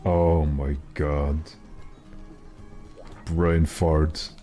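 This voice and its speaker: A man with a very low, mellow voice chats through a live game stream. He rambles wryly and pokes fun at himself between plays, and faint game music runs quietly behind him. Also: flat delivery, drawn-out words. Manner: chatty, wry, self-mocking asides. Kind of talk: casual live gameplay commentary.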